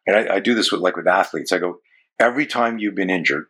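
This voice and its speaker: Husky low-voiced Canadian man in his 60s. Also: fast, a bit bright. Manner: rambling, self-interrupting, with casual swearing. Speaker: self-defense coach, guest. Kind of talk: casual interview chat.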